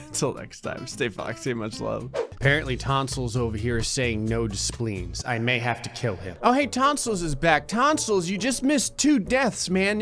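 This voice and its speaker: A young man giving sarcastic, deadpan comedic commentary on a life-simulation game, laughing often at his own jokes. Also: a little high. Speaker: gameplay commentator.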